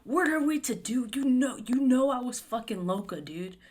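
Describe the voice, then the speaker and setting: A woman's voice: fairly high pitch, lively intonation, normal speed, darkish tone, pitched above the performer's own voice. A woman voicing a melodramatic young Latina movie heroine, pleading in an overwrought, theatrical way.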